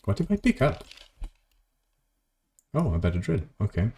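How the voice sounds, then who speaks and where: A man's voice: on the low side, huge pitch swings, normal speed, warm tone. A man streaming a video game, rambling casually to his chat and swearing at mishaps. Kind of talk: casual gameplay commentary.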